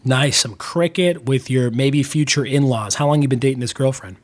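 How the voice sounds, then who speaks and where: A man hosting a podcast, his voice hoarse, chatting casually and upbeat with lots of fillers. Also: medium pitch, normal speed, dry recording. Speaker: podcast host. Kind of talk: casual chat.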